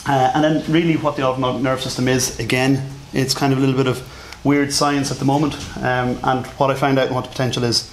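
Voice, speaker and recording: A man with an accent delivers a conference lecture in an informal, self-deprecating way, sprinkling his talk with fillers. His voice sits at an ordinary pitch, and a faint hiss runs under it. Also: little pitch movement, fast talker, hardly any pauses. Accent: non-standard English accent. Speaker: conference speaker.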